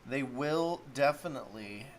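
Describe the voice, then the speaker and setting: Guy hosting a chill sports talk stream, thinking out loud while looking stuff up, faint hum behind him. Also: medium pitch, lively intonation, a little slow. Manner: rambling, thinks aloud while looking up stats. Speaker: sports talk show host.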